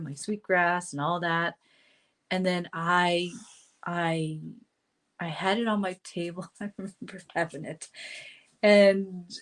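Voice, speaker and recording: A middle-aged woman, a spiritual teacher, telling a personal story to camera in a halting way, restarting often and acting out remembered voices. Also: lowish voice.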